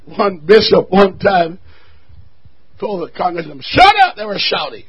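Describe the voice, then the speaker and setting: Husky guy with a high voice preaching in church, gets loud then goes quiet. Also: normal speed, low-quality recording. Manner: preaches with sudden loud swells and quiet asides. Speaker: pastor. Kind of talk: sermon.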